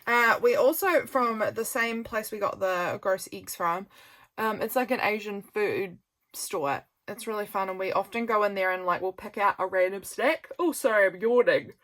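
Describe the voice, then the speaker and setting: A woman's voice: mid-range voice, moderate pace, a bit bright. Chatty tired woman flipping through a journal. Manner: chatty, rambling, lots of fillers. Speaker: journaling vlogger. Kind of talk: casual chat. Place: home desk by a sunny window.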